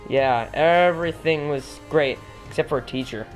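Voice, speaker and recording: A man's voice: a little high, moderate pace, soft background music. A teenage boy in casual conversation, chiming in to fill in and correct the details of a shared story. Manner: chatty, interjects and corrects details.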